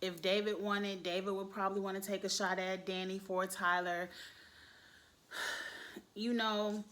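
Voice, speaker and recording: A woman giving blunt, animated commentary on a reality show, swearing and speaking straight to her viewers. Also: medium pitch, measured pace. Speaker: youtube reality show reviewer. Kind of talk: casual commentary.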